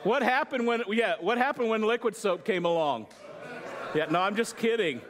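High-voiced joking pastor. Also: male voice, expressive, normal speed, a faint crowd. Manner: conversational, joking with the congregation. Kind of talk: sermon.

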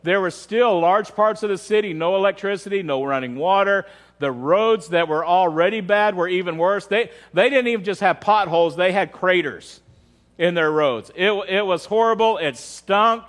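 A man's voice: high-pitched, normal speed. A pastor preaching a conversational sermon at a church service, often asking the audience questions and repeating words as he starts his sentences.

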